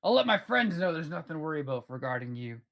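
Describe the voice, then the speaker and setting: Man playing a cautious magic-wielding adventurer, measured, guarded, slightly high voice. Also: sing-song, creaky, a bit bright, full character voice.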